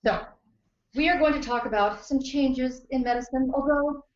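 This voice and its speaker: A woman's voice: high voice, moderate pace, a little hiss or hum. A woman hosting a comic livestream in a playful, theatrical way full of puns. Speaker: comedy show host. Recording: roomy, dull livestream audio.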